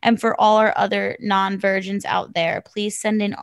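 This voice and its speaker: A woman's voice: mid-range voice, fairly even intonation, moderate pace, creaky, dry recording. A woman co-hosting a podcast, chatting casually with frequent laughs and reading listener letters aloud. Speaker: podcast co-host.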